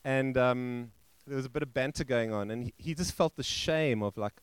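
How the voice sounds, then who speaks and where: Man, pastor, sermon storytelling, halting, acts out quoted voices, mid pitch, dry close sound. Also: clean tone, no echo. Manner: halting, with frequent restarts and fillers. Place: church.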